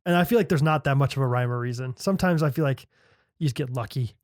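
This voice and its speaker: A man's voice: medium pitch, quick pace, darkish tone, no echo, studio quality. A man co-hosting a podcast in casual chat, teasing and joking. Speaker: podcast co-host.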